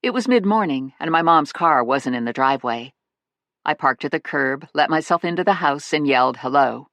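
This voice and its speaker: An audiobook narrator giving a wry, lively scripted reading. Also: mid-range voice, normal speed, gravelly, no echo.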